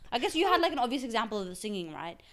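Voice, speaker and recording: A woman's voice: on the high side, very animated, rapid-fire, a bit bright. A young woman with an Australian accent, co-hosting a casual chat and rambling through restarted sentences. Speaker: podcast co-host.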